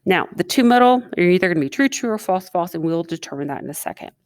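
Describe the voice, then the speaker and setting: Talking fast with lively intonation in a lowish voice, a female teacher chats through a recorded math lesson and asks students questions as she writes, in clean, dry studio sound.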